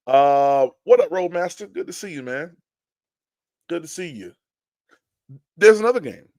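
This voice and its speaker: A man hosting a fan podcast, telling stories in a lively, casual way with many restarts and greeting chat viewers. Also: mid-range voice, dry recording, clean studio sound. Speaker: podcast host. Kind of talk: casual live-stream chat.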